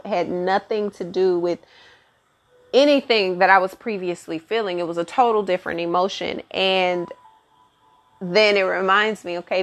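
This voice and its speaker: A woman's voice: fairly low pitch, a bit bright. Earnest woman giving an astrology talk. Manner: earnest, repetitive, emphatic lists. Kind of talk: casual spoken monologue.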